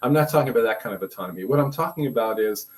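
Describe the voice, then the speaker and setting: A man's voice: mid-range voice, expressive, rapid-fire, rough recording. An older man from Brooklyn, a veteran school administrator, telling stories in a casual, rambling way with many restarts and asides. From Brooklyn, New York. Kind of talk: casual conversational storytelling.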